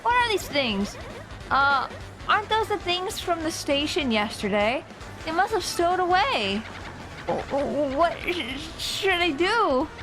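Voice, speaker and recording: A woman's voice: very high-pitched, very animated, slow pace, music in the background, pitched above the performer's own voice, full character voice. A woman voicing a nervous, polite male train engineer in a video game, stammering over his words. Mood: flustered.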